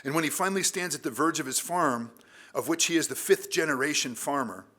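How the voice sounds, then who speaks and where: A man who is a literature professor, reading his conference paper aloud at a measured academic pace and adding a few casual asides. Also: on the high side, bright, forceful tone.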